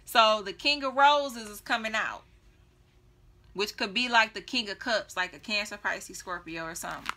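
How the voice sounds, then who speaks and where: A woman's voice: medium pitch, normal speed, bright, forceful tone. A woman giving a casual tarot reading, chatty and blunt, laughing often and swearing freely. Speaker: tarot reader.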